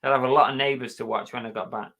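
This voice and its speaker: A chatty man with a London accent and a bright, forceful tone. He hosts a casual live stream, teasing and joking as he goes. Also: mid-range voice, steady tone, quick pace. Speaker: reseller vlog host.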